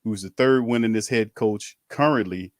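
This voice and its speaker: A man's voice: fairly low pitch, normal speed, no room sound, clean studio sound. Laid-back man hosting a stream. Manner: laid-back, chuckling, slangy. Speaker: podcast host. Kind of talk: casual sports talk stream.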